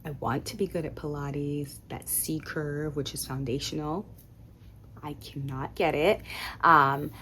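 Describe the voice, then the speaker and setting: A woman in a fitness program sharing her highs and lows in a candid, matter-of-fact way. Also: fairly even intonation, a little slow, pushed and bright, a little hiss or hum. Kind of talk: casual video testimonial.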